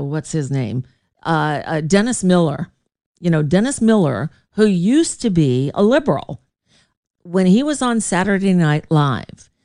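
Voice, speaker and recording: A woman radio host tells a rambling story in an easy, unhurried way, laughing often between thoughts. Her voice sits a little low. The sound is dry and close, with no room around it. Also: dark tone, no echo. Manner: chatty, digressive, laughing often. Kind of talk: casual storytelling to a live chat.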